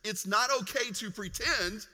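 A male pastor giving a sermon, telling a funny personal story in an animated way. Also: sits high, unhurried, in a large hall. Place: large church hall.

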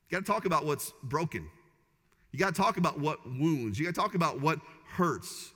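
A man's voice: fairly high pitch, fairly bright tone. A man preaching a sermon as pastor, conversational and humorous with punchy repeated phrases. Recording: long hall reverb.

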